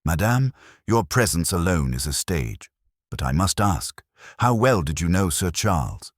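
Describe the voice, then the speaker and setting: A man's voice: low-pitched, big pitch swings, a little slow, no room sound, clean studio sound, heavily acted. A man reading a shrewd, courteous detective who questions with polite persistence. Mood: probing.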